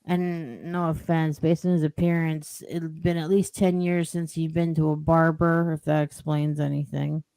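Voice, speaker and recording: A woman's voice: low voice, little pitch movement, moderate pace, hardly any pauses, mellow, no room sound. A woman telling a rambling story as a podcast guest, with lots of "like" and "you know". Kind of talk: casual storytelling.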